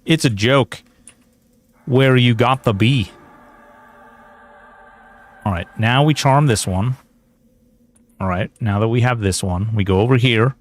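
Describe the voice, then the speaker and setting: A man's voice: medium pitch, slow pace, long pauses. A man streaming a game, chatting casually in a rambling, joking way and slipping into mock outrage. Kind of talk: casual gameplay commentary.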